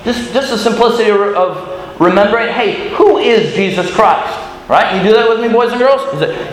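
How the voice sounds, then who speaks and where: A man preaching a sermon to children, animated and often asking them questions. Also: high-pitched, normal speed, hardly any pauses. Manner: animated, questioning the audience, restarts. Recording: echoey hall with faint noise.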